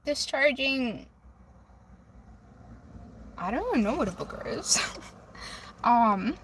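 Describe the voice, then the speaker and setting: Bright, high-voiced woman livestreamer. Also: animated, slow pace, a little hiss or hum. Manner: reads viewer comments aloud and chats back. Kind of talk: casual livestream chat. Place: in a car. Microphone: phone camera.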